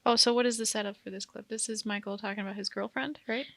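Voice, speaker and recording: A woman's voice: medium pitch, steady tone, fast talker, vocal fry, dry recording. A woman co-hosting a podcast, chatting casually and laughing often. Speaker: podcast co-host. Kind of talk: casual chat.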